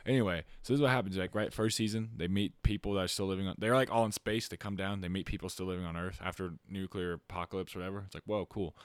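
A man co-hosting a podcast, ranting in an animated, exaggerated way during casual chat. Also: low voice, fast, few pauses, clear, resonant tone, no room sound. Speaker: podcast co-host.

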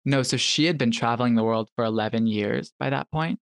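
A man's voice: mid-range voice, brisk, gravelly, smooth, dry recording, studio quality. A young man as a podcast guest, casually telling a personal story and acting out what people said. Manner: animated storyteller who acts out quotes.

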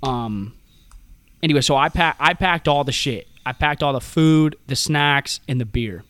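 A man's voice: a little high, normal speed, a bit bright, clear, resonant tone, dry recording. A young man telling a long, profane, rambling story in casual chat, laughing often.

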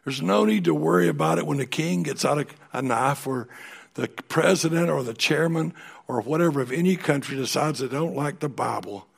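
A middle-aged man preaching a sermon in a folksy, emphatic way, often dropping to a soft voice. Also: medium pitch, animated, moderate pace, vocal fry, breathy edge. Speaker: pastor.

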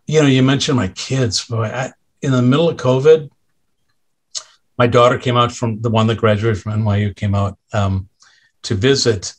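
A middle-aged man sits in as a guest and tells a story from his own life, openly and in plain words. He stops and restarts often, leans on fillers, and slips into quoted voices to act out the people in the story. His pitch sits in the ordinary middle range for a man. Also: steady tone. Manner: halting, with frequent restarts and fillers; acts out others' lines in quoted voices. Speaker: podcast guest. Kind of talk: candid conversational storytelling.

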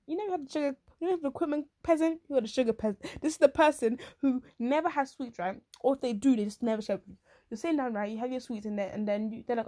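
Young woman, higher voice, slangy, animated, comic casual chat. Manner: animated, slangy, quick asides, acts out others in shrill voices. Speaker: vlogger. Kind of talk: comic casual monologue to camera.

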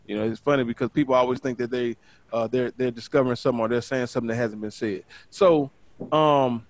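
A man hosting a casual podcast chat, talking quickly and excitedly, often repeating words as he goes. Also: mid-range voice, creaky, no echo. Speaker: podcast host.

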